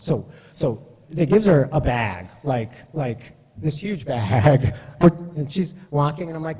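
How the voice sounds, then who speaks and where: A man's voice: mid-range voice, normal speed, hardly any pauses, breathy edge. Chatty man in a reverberant hall. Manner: chatty, self-deprecating, animated. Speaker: speaker. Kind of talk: storytelling talk.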